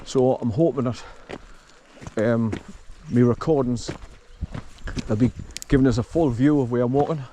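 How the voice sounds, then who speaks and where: Mellow-voiced man rambling on a forest walk. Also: medium pitch, slight background noise. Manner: rambling, halting explanations with many restarts; talks coaxingly to his dog. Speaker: vlogger. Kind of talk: casual walking vlog. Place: outdoors in a forest. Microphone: chest-harness camera.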